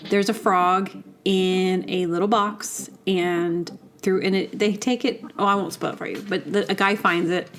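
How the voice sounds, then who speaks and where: A woman's voice: mid-range voice, fairly even intonation, a little slow, a little hiss or hum. A woman hosting a solo podcast, rambling chattily through digressions with lots of fillers. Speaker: podcast host. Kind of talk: casual solo monologue.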